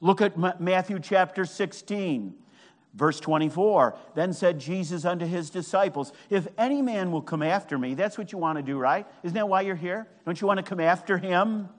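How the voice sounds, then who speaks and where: A man preaching a fervent sermon at a camp, swinging from hushed words to shouted, drawn-out emphasis. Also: high-pitched, lively intonation. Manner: draws out key phrases slowly. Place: meeting hall at a camp. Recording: long hall reverb.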